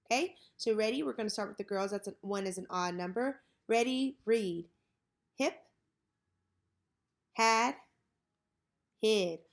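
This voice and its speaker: A woman teacher leading a children's reading lesson, modeling each word slowly and clearly. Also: mid-range voice.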